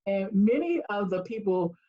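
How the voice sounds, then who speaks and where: An expressive woman recounts her story as an interview guest. She talks in a middle pitch, slips into other people's voices and laughs easily. The sound is a bit dull and lo-fi, like a video call. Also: moderate pace. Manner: animated storyteller who acts out quotes and laughs often. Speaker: guest, speech-language pathologist and coach.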